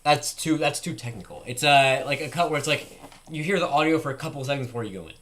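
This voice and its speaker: A man's voice: fairly high pitch, fast talker, a bit bright. A young man streaming live, thinking aloud in casual chat with lots of "like" fillers.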